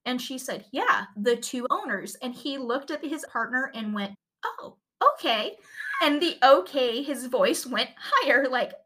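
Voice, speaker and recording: Bright, animated woman podcast co-host. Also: high-pitched, a little slow, few pauses. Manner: animated, laughs often while telling a story. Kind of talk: casual storytelling chat.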